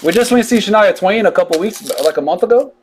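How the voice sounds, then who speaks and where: Card breaker, male, high voice, chatty and drawling with jokey asides. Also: quick pace, a little hiss or hum. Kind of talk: casual live card-break chat.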